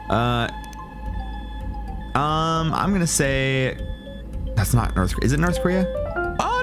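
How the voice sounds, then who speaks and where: A young man giving casual, profane commentary while playing a horror game, now and then dropping to a whisper. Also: on the low side. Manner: joking, swears a lot, drops into whispers. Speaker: gaming streamer. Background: game music.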